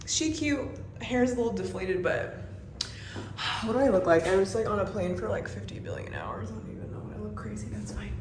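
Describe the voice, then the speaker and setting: A young woman quietly whispering, hushed and amazed, as she gives a whispered hotel room tour. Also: mid-range voice, brisk, slight background noise.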